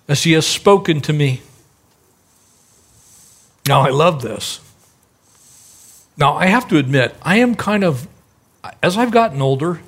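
A man's voice: a little high, gravelly. A middle-aged male pastor preaching a sermon in a conversational way, acting out the voices in the stories he tells.

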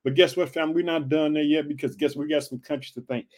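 His voice sits a little high with a steady tone and quick pace. He's an Illinois man preaching on his faith podcast, fervent and repetitive, offering encouragement and calling everyone listening family.

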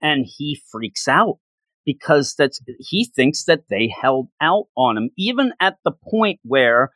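Male host, eager comic recap, a bit high-pitched, dry recording. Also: very animated, slow, fairly bright tone, dry recording. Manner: enthusiastic, rambling recap with frequent laughs. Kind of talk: casual comic book review chat.

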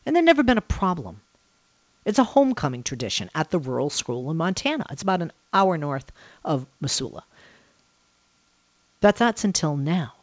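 An animated woman radio host from the American South swoops up and down as she makes her points, repeating herself for emphasis. Her voice sits at a middle pitch and sounds close and dry in the studio. She hosts a call-in talk show. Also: normal speed, pauses often, dry recording, highs cut off. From Southern United States.

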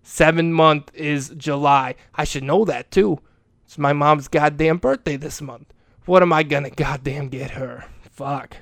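A man's voice: fairly high pitch, fairly even intonation, measured pace, gravelly, no room sound, clean studio sound. A man playing a crude, foul-mouthed middle-aged school janitor in a comedic character monologue, rambling and grumbling in a profane rant. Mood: cranky rant.

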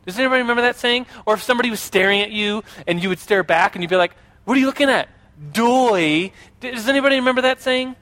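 A man's voice: high-pitched, quick pace, hardly any pauses. A man casually telling childhood stories to an audience, chatty with lots of fillers, often asking the crowd questions and acting out voices. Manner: animated, acts out quoted voices. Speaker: speaker addressing a group.

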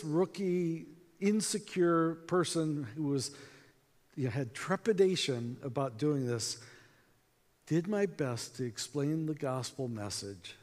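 A man in his sixties from North Dakota, telling a personal story to a conference audience with animated delivery and acted-out dialogue. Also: mid-range voice. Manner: animated, acts out quoted dialogue. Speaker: conference speaker. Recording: long hall reverb.

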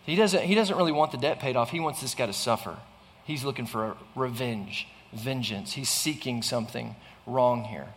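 A man's voice: medium pitch, moderate pace. Earnest preaching man in a reverberant hall. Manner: earnest preaching with frequent restarts and rhetorical questions. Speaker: pastor. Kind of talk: sermon.

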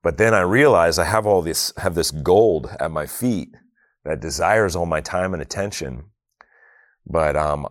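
His voice extremely low, a middle-aged man opens a faith talk in prayer before moving into personal stories that are funny yet earnest, complete with acted-out family conversations. The sound is dry and studio-grade.

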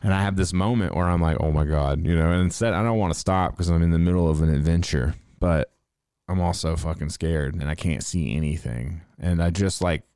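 A man's voice: low-pitched, a little fast, darkish tone, clean tone, dry recording, studio quality. A young man hosting a casual podcast, telling rambling stories full of swearing in a laid-back way. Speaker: podcast host. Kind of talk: casual livestream podcast monologue.

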